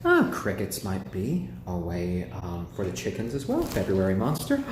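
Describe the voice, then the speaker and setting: A man hosting a casual home live stream, gently cooing to his pet chickens and chatting with viewers. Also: low-pitched, huge pitch swings, moderate pace, hardly any pauses, echoey room, slight background noise. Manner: chatty, answers viewers' comments.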